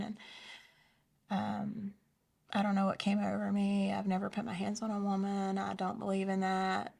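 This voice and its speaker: A woman telling her personal story in an interview, soft-spoken and hesitant, often dropping to a near whisper. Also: mid-range voice, vocal fry, distant mic. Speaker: interview guest. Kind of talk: personal testimony in a conversation.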